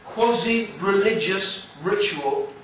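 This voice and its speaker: An English man with a mix of upper-class and East London accents gives an animated, joking religious lecture to an audience. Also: high-pitched, slow, a little hiss or hum. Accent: English, mixed with East London. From England. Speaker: Islamic speaker. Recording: very echoey hall, mic far off.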